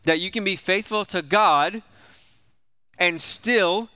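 A young male pastor delivers his sermon like a conversation, keeps checking in with "right?" and "okay?", and retells old stories in plain modern speech. His voice is bright and crisp. The sound is dry and close. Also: high-pitched, slow, dry recording. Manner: retells scripture in an everyday voice.

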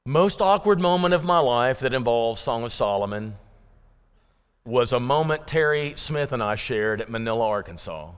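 A man with a mid-range voice delivers a sermon to his congregation in a relaxed, folksy way, and he slips in jokes as he goes. The sound has the long, ringing reverb of a church sanctuary. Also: medium pitch, moderate pace, smooth. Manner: folksy, joking, conversational. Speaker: preacher.

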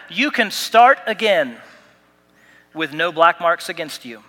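Bright, animated preaching man in a hall. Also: fairly high pitch, slow pace. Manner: animated preaching with humor and emphatic repetition. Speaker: pastor. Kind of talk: sermon. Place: church sanctuary.

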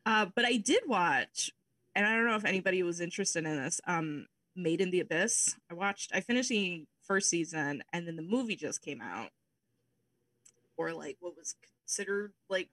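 A woman with a lowish voice rambles casually on a podcast, swearing freely. The sound is dry and close. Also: expressive, moderate pace, fairly bright tone, no echo. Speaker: podcast co-host.

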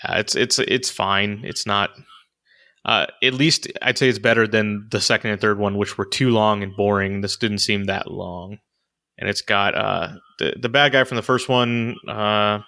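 A man casually rambles through movie opinions, his voice sitting a little low yet bright and forceful in tone. He leans on fillers and restarts as he thinks aloud, in easy conversation with a co-host. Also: fairly even intonation, normal speed. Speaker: podcast co-host reviewing movies. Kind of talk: casual chat.

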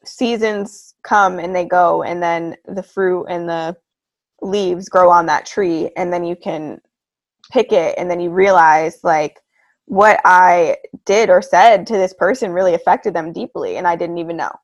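Woman interviewer, talks slow and calm, dry close mic. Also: lowish voice, no room sound, muffled recording. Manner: calm, reflective, gives short affirmations. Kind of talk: casual conversation.

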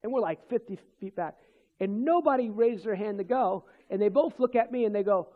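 Man, high voice, minister telling his testimony, rambling, restarts, chuckles, dull lo-fi sound. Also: a little fast. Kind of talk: personal testimony in conversation.

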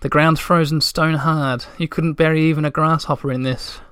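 A man reading aloud and voicing a calm, kindly woman creature who speaks slowly and matter-of-factly. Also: on the high side, clear, resonant tone, no room sound, clean studio sound, pitched above the performer's own voice, natural voice. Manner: slow, matter-of-fact.

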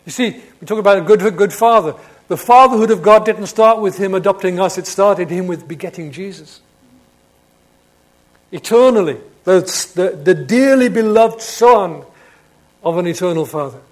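A man preaching a sermon, swinging between emphatic proclamation and hushed reflection, often asking his listeners rhetorical questions. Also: high-pitched. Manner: asks rhetorical questions of the congregation.

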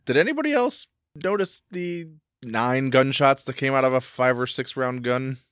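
A man appearing as a podcast guest who excitedly points out nitpicks in a film. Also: medium pitch, normal speed, clear, resonant tone, dry recording, clean studio sound. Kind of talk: casual chat.

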